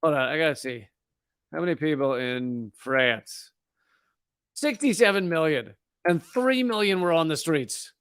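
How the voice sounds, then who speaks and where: His voice is a little high, expressive and slightly bright, clear and resonant, at a measured pace with no echo. An American comedian hosting a live show, he riffs sarcastically on the news in a casual rant, mocks pronunciations, and keeps restarting and laughing as he jokes.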